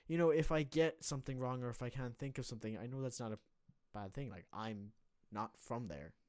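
A man's voice: mid-range voice, brisk, darkish tone, no room sound, studio quality. A young Irish man chatting casually, rambling and correcting himself as he tells a story. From Ireland. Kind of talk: casual chat.

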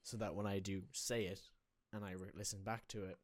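A young Irish man talks casually in a low voice, often stopping to restart or correct what he's saying. The sound is dry and close, with no room around it. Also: level tone, brisk, no room sound. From Ireland. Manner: rambling, self-correcting storyteller. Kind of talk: casual chat.

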